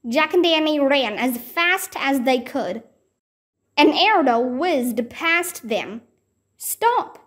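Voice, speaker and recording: A woman's voice: lively intonation, slow pace. A woman with Vietnamese as her first language, reading a children's book aloud and acting out the characters' lines. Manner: acts out character lines with raised pitch. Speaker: reader.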